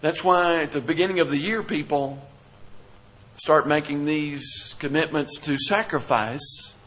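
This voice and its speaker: A man's voice: on the high side, a bit bright, poor audio. A man, the pastor, preaching a sermon, reading scripture aloud and asking the congregation questions he then answers.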